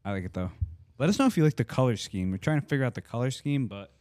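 A man's voice: medium pitch, expressive, fast talker, a little mellow, no echo, studio quality. Laid-back young man co-hosting a podcast. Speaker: podcast co-host. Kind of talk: casual chat.

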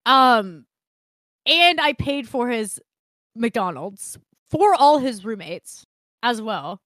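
A young woman telling a first-date story on a casual podcast, acting out every line of dialogue and swearing freely. Her voice sits a bit high, and the recording is dry and close. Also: takes it slowly, no room sound. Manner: animated, swearing, acts out quotes. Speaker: podcast co-host.

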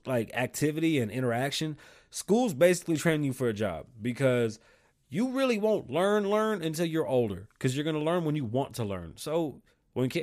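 A man in his thirties, the host, ranting about a restaurant in a loud, profane monologue that swings between heated yelling and low grumbling. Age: 30s. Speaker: show host. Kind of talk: profane comedic rant.

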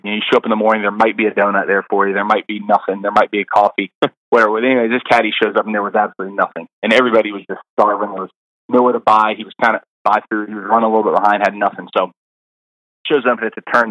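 A man's voice: lowish voice, fairly even intonation, racing, sharp tone, dry recording, low-quality recording. A middle-aged man, a caddie guest on a podcast, telling stories in a rambling casual way, full of fillers and restarts. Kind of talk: casual interview storytelling.

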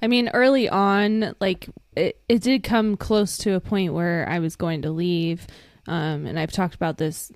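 Frank woman with a smooth, low voice. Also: measured pace, no room sound, clean studio sound. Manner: frank, relaxed, laughs easily. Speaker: podcast co-host. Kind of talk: casual recovery podcast talk.

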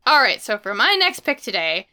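A woman's voice: mid-range voice, fairly quick. A woman co-hosting a book podcast, talking with eager enthusiasm in a casual tone. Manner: enthusiastic, excitable. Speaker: podcast co-host. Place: home office.

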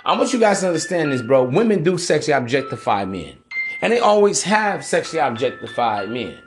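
A man's voice: fairly high pitch, big pitch swings, a little fast, over music. A man hosting a podcast, giving blunt, profane dating advice in an emphatic, preachy street-talk manner. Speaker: podcast host. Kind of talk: motivational dating advice monologue.

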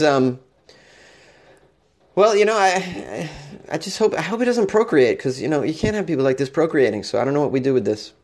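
A man's voice: medium pitch, a little mellow. A man hosting a comedic talk show, reading odd news stories aloud and joking with frequent laughs and stammered restarts. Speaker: host.

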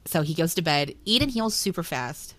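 Chatty lower-voiced woman. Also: lively intonation, moderate pace, a bit bright, dry recording. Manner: chatty, laughs often, reads quotes aloud. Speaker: podcast co-host. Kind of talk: casual book chat.

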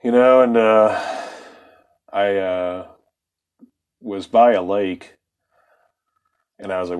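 A man's voice: deep voice, steady tone, takes it slowly, long pauses, darkish tone, clean tone, low-quality recording. A man telling a story as a podcast host, with loose, rambling, heavily profane casual talk and frequent laughs.

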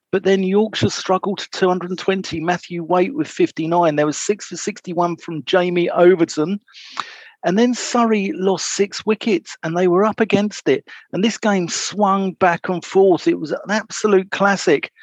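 A man's voice: high-pitched, dry recording, low-quality recording. A man with a Southern English accent hosting a casual cricket chat, often stumbling and restarting his sentences. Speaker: podcast host.

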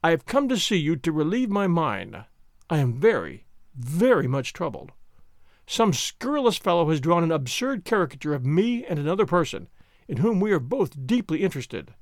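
A man's voice: big pitch swings, moderate pace, no echo, studio quality. A man reading aloud and voicing a fussy, timid schoolmaster who speaks in a fretful, pleading way. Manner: fretful, pleading, higher pitch. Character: fussy, timid male schoolmaster, anxious and prim.

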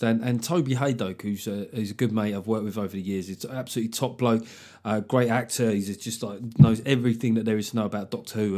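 Sweary comedian hosting a podcast. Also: male voice, mid-range voice. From London. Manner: sweary, joking, lively storytelling. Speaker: podcast host and stand-up comedian. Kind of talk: solo podcast monologue.

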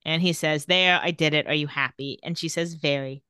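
A woman co-hosting a casual recap podcast, retelling scenes and reading lines of dialogue in a flat, even voice. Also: low-pitched, fairly quick, smooth, dry recording, clean studio sound. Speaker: podcast co-host.

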